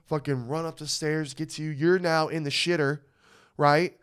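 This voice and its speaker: A man co-hosting a podcast, telling a story in casual chat, animated and swearing, often asking "you know what I mean". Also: medium pitch, brisk, clean tone. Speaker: podcast co-host.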